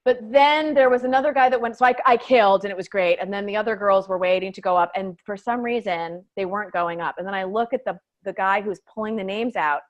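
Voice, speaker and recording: A woman comedian telling a story in a casual interview, animated and swearing, often saying "like". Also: mid-range voice, quick pace, hardly any pauses, dull audio. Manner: animated, swearing, heavy use of "like". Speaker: stand-up comedian, guest.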